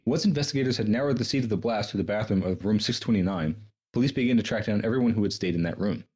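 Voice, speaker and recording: A man's voice: on the low side, quick pace, a little mellow, breathy edge. A man co-hosting a podcast, reading history passages aloud and breaking off into profane, sarcastic commentary. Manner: profane, sarcastic, reads quotes then riffs. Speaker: podcast co-host.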